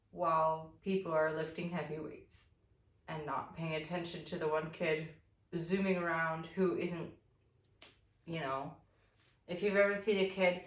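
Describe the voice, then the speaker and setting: Chatty woman, roomy distant sound. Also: mid-range voice. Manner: chatty and rambling, animated when acting out the story. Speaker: fitness instructor. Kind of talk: casual storytelling while guiding a morning stretch.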